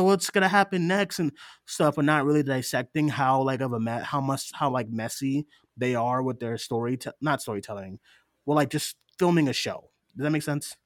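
A man's voice: medium pitch, no room sound. Podcast guy rambling w lots of likes, mid voice, dry close mic. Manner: rambling, filler-heavy, laughs often. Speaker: podcast co-host. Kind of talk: casual chat review.

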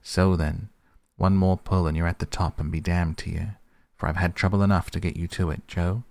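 A man's voice: sits low, level tone, moderate pace, vocal fry, darkish tone, dry recording. A man voicing an exasperated male coachman grumbling at his horses in an audiobook. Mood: vexed. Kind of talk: audiobook character voice.

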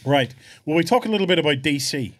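Playful guy hosting a gaming chat show, kinda high voice, bounces all over. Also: quick pace. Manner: giggly, playful, animated. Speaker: podcast host. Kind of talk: casual chat.

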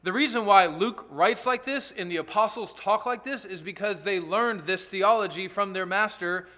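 A man's voice: sits high, pushed and bright. A man preaching an earnest, emphatic sermon as pastor, with asides to the congregation.

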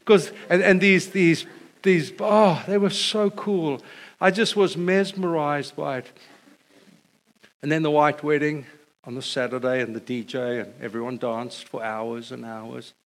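Middle-aged male pastor, sermon delivery, animated storyteller who builds to a refrain, voice a touch high. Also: a little slow.

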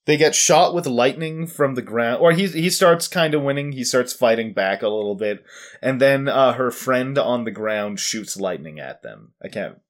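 A man's voice: medium pitch, lively intonation, normal speed. A young man casually recapping an anime episode on a podcast, rambling with fillers and laughs. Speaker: podcast co-host.

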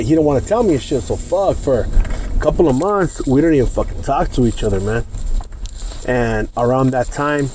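Man with a dark, mellow voice telling a work story on a podcast, swearing constantly in loose street slang. He talks with heat and takes things personally, and a faint vehicle rumble sits behind him. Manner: profane, heated, slangy storytelling. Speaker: podcast host. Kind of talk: casual storytelling.

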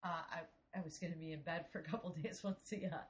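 A woman in her forties from Ohio, telling a story in casual, profane, animated chat. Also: low voice, fast talker. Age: 40s.

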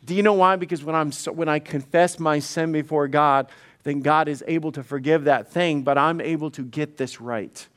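A man's voice: fairly high pitch, moderate pace, fairly bright tone, clean tone. A middle-aged male pastor preaching conversationally, often repeating words and acting out quoted dialogue. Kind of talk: sermon.

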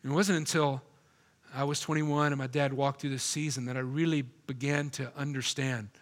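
A man preaching a sermon as pastor, emphatic, dropping soft and low to linger on quoted lines. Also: steady tone, normal speed.

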